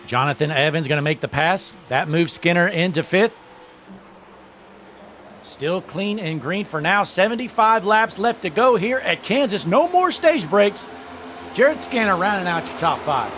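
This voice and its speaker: Male race caller, slightly high voice, noise behind him, play-by-play that gets loud and excited. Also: moderate pace. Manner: excited, raising his voice at the green flag. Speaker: race commentator. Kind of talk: play-by-play sim racing commentary.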